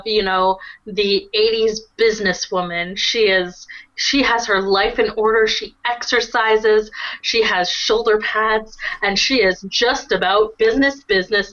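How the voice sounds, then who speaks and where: A woman's voice: medium pitch, pushed and bright, lo-fi sound. A woman co-hosting a casual podcast, making wry jokes. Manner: wry, joking. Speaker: podcast co-host.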